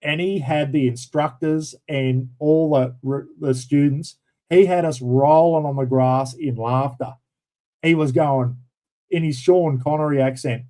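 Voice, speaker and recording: A man's voice: medium pitch, steady tone, moderate pace, warm tone, low-quality recording. A middle-aged Australian man hosting a casual livestream chat, blunt and swearing freely, calling viewers mate. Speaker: livestream host. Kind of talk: casual live-stream chat.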